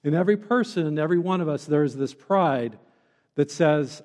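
A man's voice: a little high, expressive, moderate pace, a little mellow. A man preaching a sermon in an earnest, conversational way, often checking in with his listeners. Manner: earnest, conversational, with tag questions. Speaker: pastor. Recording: long reverb in a large hall.

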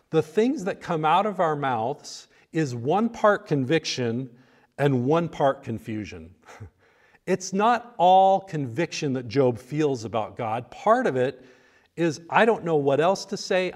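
A man preaching a sermon, reflective, his voice swelling and then falling to hushed lines. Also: mid-range voice. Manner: reflective, rises and drops to near hushed lines. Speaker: pastor.

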